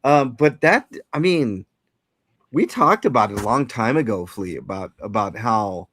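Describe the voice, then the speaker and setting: A man's voice: lowish voice, animated, unhurried, a bit bright, no echo, clean studio sound. A man hosting a casual livestream chat, greeting viewers and rambling with many fillers and restarts. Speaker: livestream host.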